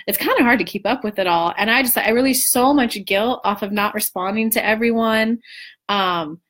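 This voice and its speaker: A woman in her thirties telling a personal story to her viewers in a casual, animated way, swearing freely and acting out what people said. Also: medium pitch. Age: 30s. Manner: animated, swearing, acts out quoted dialogue. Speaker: spiritual coach and vlogger.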